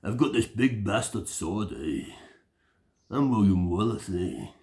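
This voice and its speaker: A Scottish man putting on an exaggerated, gruff male Scottish warrior voice, deep and growly. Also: very animated, measured pace, darkish tone, full character voice. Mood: hammy. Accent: broad Scottish.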